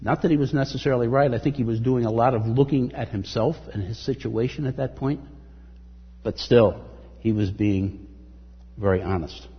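A man preaching in a long, echoing hall, his voice very husky and breathy. The sound is dull and muffled. He reads scripture with rising emphasis and speaks earnestly between verses. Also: medium pitch, moderate pace. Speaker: pastor. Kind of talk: sermon.

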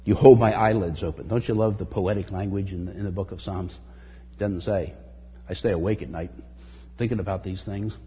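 A man preaching in a long, echoing hall, his voice very husky and breathy. The sound is dull and muffled. He reads scripture with rising emphasis and speaks earnestly between verses. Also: low-pitched, fairly even intonation, a little fast. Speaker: pastor. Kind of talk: sermon.

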